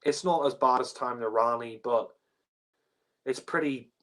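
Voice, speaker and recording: A man co-hosting a casual review show, blunt and openly exasperated. He swears freely and leans on filler words as he rants. His pitch sits in the middle range. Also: measured pace, fairly bright tone, rough recording. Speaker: podcast co-host reviewing episodes.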